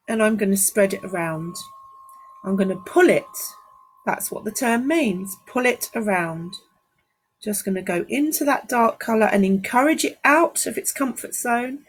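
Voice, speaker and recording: A woman with a London accent leads a live painting demo from her art studio, her voice slightly husky and a touch high. She talks through each brushstroke in a chatty, encouraging way and breaks off to welcome viewers by name. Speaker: watercolour art teacher. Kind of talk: live-streamed painting demonstration.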